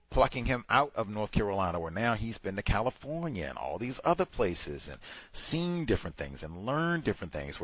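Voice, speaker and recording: A man hosting a book club, talking through a memoir in a casual, digressive way with loud mocking asides. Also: fairly low pitch, no echo.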